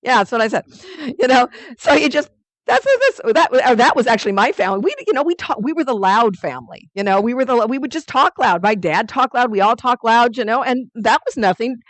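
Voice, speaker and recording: A woman leading a weekly spiritual study group, teaching in a lively, conversational way with playful asides. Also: fairly high pitch, fairly quick, no echo.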